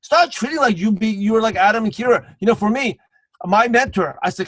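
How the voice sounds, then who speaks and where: A man's voice: sits high, brisk, a bit bright, no echo, poor audio. A man giving a motivational sales training on a live video call, calling out viewers by name and repeating punchy slogans. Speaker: guest trainer.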